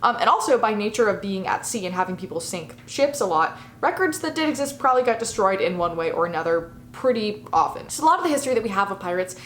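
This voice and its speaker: A woman's voice: mid-range voice, expressive, quick pace, hardly any pauses, fairly bright tone. A young woman in her early twenties, chatting casually and enthusiastically as a video host in a room with a bookshelf. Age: early 20s. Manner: bubbly and enthusiastic. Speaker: vlogger and media analyst. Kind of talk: casual chat. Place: indoor room in front of a bookshelf. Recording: roomy echo with faint hiss.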